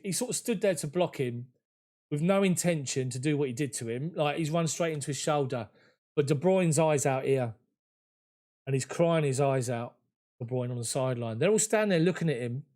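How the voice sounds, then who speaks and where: A man's voice: on the high side, darkish tone. A man giving live, emotional, conversational play-by-play of a football match from a fan's point of view, at home. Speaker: fan commentator.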